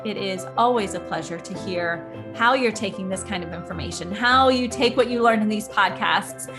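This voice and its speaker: Woman, podcast host, calm explainer; teaches step by step, mid-pitched. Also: normal speed, over music. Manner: calm, explanatory, with everyday analogies. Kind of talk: instructional podcast monologue.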